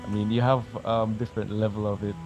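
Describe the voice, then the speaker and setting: A man's voice: on the low side, level tone, fast, music in the background, rough recording. A man from Jamaica with a Jamaican accent, chatting in a laid-back way as a guest on a gaming session. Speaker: content creator, guest. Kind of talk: casual chat over a game session.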